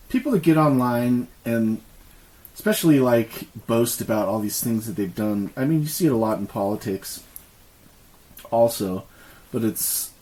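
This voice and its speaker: A man's voice: medium pitch, a little mellow, poor audio. A man co-hosting a podcast in casual chat, laughing often and swearing as he riffs. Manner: laughing, profane, quick agreeing replies. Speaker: podcast co-host.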